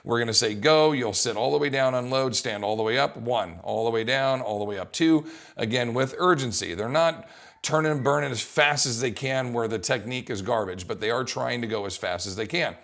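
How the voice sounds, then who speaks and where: A young adult man coaching fitness, explaining an exercise test in a casual, lively way. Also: medium pitch, fairly quick, creaky. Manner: casual, animated, acts out coaching calls. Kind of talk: instructional talk.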